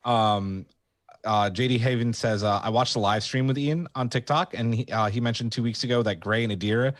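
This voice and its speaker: A man co-hosting a casual review chat, relaxed, reading viewer comments aloud. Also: mid-range voice, a little fast, no room sound, clean studio sound.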